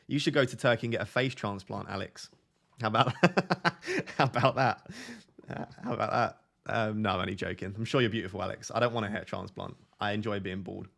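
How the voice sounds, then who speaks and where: A man's voice: fairly low pitch, steady tone, fast, vocal fry, fairly bright tone. A man hosting a casual fantasy football live stream, reading viewer comments aloud and joking and laughing with them.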